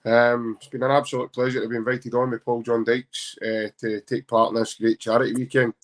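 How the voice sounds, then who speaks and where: A man's voice: medium pitch, a little fast. Jokey Scottish man on a podcast. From Glasgow, Scotland. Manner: jokey, animated, self-mocking. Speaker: podcast guest. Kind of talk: casual podcast chat.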